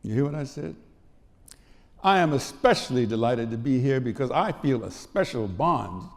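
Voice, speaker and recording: A man's voice: mid-range voice, lively intonation, normal speed, creaky, darkish tone. A man in his eighties giving an emotional speech at an award event, telling stories with repetitions. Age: 80s. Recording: long hall reverb.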